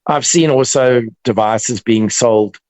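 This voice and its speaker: A man with a South African accent, a dentist guest explaining treatment in relaxed, casual chat. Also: medium pitch, takes it slowly, no echo, rough recording. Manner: relaxed, explains with examples and restarts.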